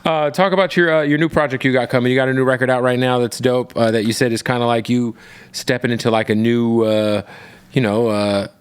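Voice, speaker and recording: A man's voice: mid-range voice, brisk, clear, resonant tone. A man hosting a podcast, chatting casually and asking his guest about new music with plenty of fillers. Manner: relaxed, affirming with short backchannels. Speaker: podcast host. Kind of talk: casual interview.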